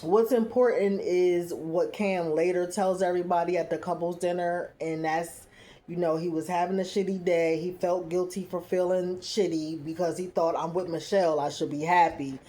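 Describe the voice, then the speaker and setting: A woman recapping a reality show in a casual, opinionated, animated way. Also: on the low side, normal speed. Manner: chatty, opinionated, animated storytelling with playful asides.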